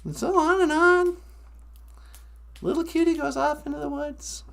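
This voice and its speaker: A woman telling a folk tale in a casual, animated way, laughing often. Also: high voice, a little slow, creaky. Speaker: storyteller. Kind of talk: casual storytelling.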